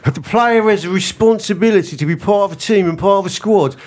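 A man doing a stern, lecturing football manager with a jokey mock-Cockney accent. The voice sits well above his own and comes out louder and more emphatic. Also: high-pitched, brisk, voice pushed up, lightly acted.

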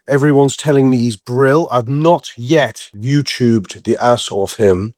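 A man with a cold hosts a casual football chat, joking at his own expense and wandering off track. His voice sits at a middling pitch. It is recorded close and dry, with no room sound. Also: measured pace, a little mellow, no echo. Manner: jokey, self-deprecating, rambling. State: sick with a cold. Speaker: podcast host.

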